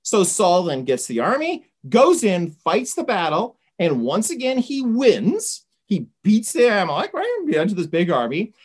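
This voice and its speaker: A woman's voice: medium pitch, huge pitch swings, a little slow, few pauses, darkish tone, breathy edge. Woman teaching bible study, chatty asides, voice goes all over the place. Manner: conversational, retelling with asides.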